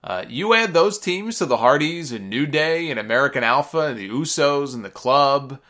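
A man's voice: mid-range voice, animated, moderate pace, sharp tone. A man hosting a podcast, giving a casual, opinionated recap in a chatty way with frequent fillers. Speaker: wrestling recap podcast host.

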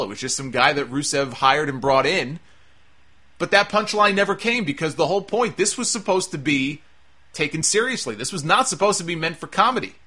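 A man's voice: a little high, bright, forceful tone. A man giving a casual, sarcastic review of a wrestling show. He sounds exasperated and swears freely.

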